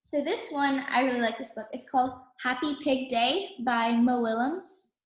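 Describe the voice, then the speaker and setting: A woman teacher reading a picture book aloud to young children in a calm, clear storytelling manner. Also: sits high, moderate pace, echoey room.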